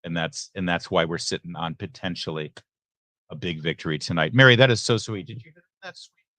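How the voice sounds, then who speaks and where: A man's voice: low-pitched, brisk, no echo. A middle-aged man hosts a live election night stream and reads out viewer messages. He is chatty and joking, with many asides. His voice sounds close and dry. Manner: chatty, joking asides, lively ups and downs. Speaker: host. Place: election watch party venue.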